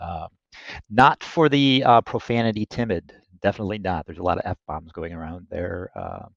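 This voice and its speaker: A man with a deep, gravelly voice that drops into fry as he rambles through his channel recommendations, stopping and restarting often. The recording sounds dull and dry, with no room around it. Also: no room sound. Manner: rambling, with many fillers and restarts. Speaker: channel host. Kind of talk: casual recommendations.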